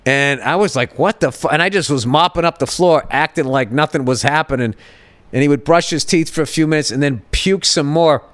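A man's voice: fairly high pitch, fairly quick, a bit bright, smooth, dry recording. A man, a podcast host telling profane, rambling stories and laughing at his own jokes. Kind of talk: casual rambling monologue.

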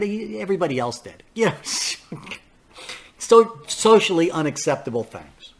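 A man's voice: on the high side, expressive, moderate pace. An older man hosting a political podcast, ranting bluntly in a casual, profane monologue and laughing at his own stories. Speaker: podcast host.

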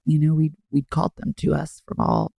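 A woman's voice: low voice, level tone, a little fast, vocal fry, mellow, breathy edge, dry recording, clean studio sound. A woman co-hosting a podcast in casual chat, effusive and rambling. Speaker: podcast co-host.

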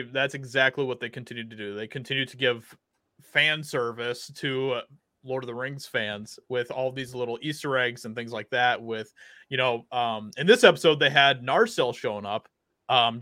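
A man with a bright, sharp voice chats casually as a co-host, agreeing readily and mocking what he dislikes. The sound is dry and close-miked. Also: medium pitch, normal speed, dry recording. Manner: agreeable, laughs often, mocking. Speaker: podcast co-host. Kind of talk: casual chat.

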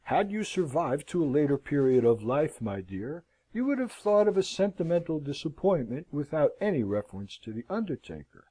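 Expressive male audiobook narrator. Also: on the high side, normal speed, few pauses, breathy edge. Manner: expressive, wry storytelling. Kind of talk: audiobook narration of a classic novel.

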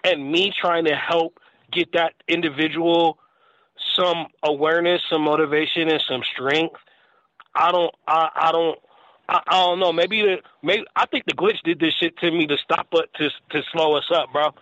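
A man with a somewhat higher voice talks in halting bursts, restarting his sentences and dropping casual slang. The recording is dry and dull, with a lo-fi edge. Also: fairly even intonation, fairly bright tone, no echo. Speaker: co-host. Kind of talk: loose live-stream talk.

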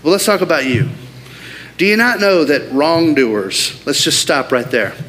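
A man's voice: a little high, very animated, unhurried, fairly bright tone. A man preaching a sermon as pastor, earnest and emphatic, asking the room rhetorical questions. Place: church auditorium. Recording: hall reverb, faint background noise.

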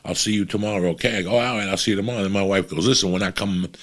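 A man's voice: lowish voice, steady tone, very fast, fairly bright tone. A man, a comedian telling a long story in a profane, rambling, casual way.

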